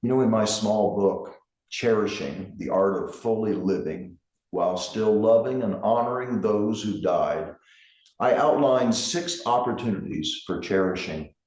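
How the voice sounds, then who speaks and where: A middle-aged man, a grief counselor, giving a gentle, measured reflective talk with emphasis on key words. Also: lowish voice. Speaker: grief counselor and center director. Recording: roomy echo.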